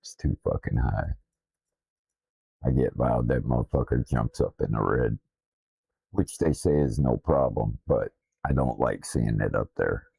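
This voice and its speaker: Deep gravelly Southern man, profane and blunt. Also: unhurried, pauses often, warm tone, no echo. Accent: Southern US drawl. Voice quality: deep, slightly slurred from missing teeth. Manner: profane, blunt, self-deprecating. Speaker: streamer. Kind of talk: casual rambling stream talk. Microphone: desktop streaming mic.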